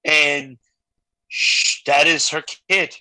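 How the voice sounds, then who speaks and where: A man's voice: a little high, steady tone, very slow, sharp tone, no room sound, rough recording. A man in his forties, a guest in a casual interview, telling candid, emotional stories full of quoted dialogue. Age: 40s. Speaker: guest entertainer.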